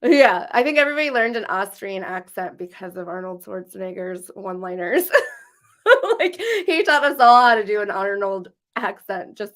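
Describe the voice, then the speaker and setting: A woman co-hosting a live podcast, speaking in an unhurried way, trailing off with filler words and laughs. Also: mid-range voice, lively intonation, a bit bright. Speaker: podcast co-host. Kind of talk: casual live podcast chat.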